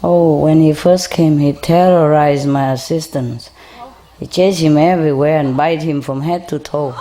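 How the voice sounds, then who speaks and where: Low mellow lady talking slow and sweet to a bird, little hiss behind. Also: fairly even intonation. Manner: gentle coaxing, chuckling often. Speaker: spiritual teacher speaking to a group. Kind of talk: casual talk to an audience and a pet bird.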